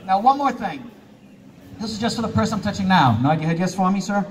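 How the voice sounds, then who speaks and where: On a live theater stage, a stage hypnotist talks at a quick pace in a high, animated voice, caught as distant live sound with a little hiss or hum. He delivers show patter, giving volunteers playful commands and laughing frequently.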